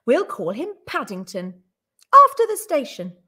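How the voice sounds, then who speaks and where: A teacher voicing an excitable, kind-hearted middle-aged mother in a picture book, full of exclamations. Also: on the high side, unhurried, husky, exaggerated voice. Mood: excited. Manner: exclamatory and fussing.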